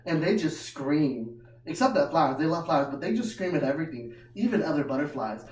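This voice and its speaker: A woman's voice: low-pitched, expressive, fairly quick, a little mellow, slight background noise. Know-it-all little schoolgirl, earnest lecturer, played by a woman comic, roomy and distant. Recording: roomy room heard from far off.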